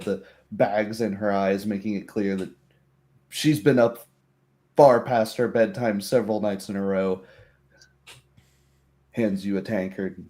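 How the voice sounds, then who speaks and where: Low, mellow game master man. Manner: easygoing, descriptive. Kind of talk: narrating a tabletop game.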